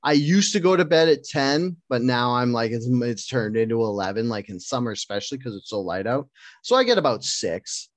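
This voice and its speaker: Male co-host, mid-pitched, loose and profane, relaxed banter, dry close recording. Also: fairly quick, no echo. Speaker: podcast co-host. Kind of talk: casual chat.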